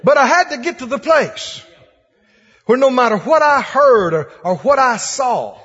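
A man from Mississippi, preaching a folksy, animated sermon with laughing asides. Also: very high-pitched, a little slow, husky. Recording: dull lo-fi sound in a long-echo hall.

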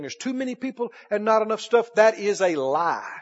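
A man preaching a sermon emphatically, repeating phrases and rising into shouts. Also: sits high, expressive, moderate pace, hardly any pauses. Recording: dull lo-fi recording.

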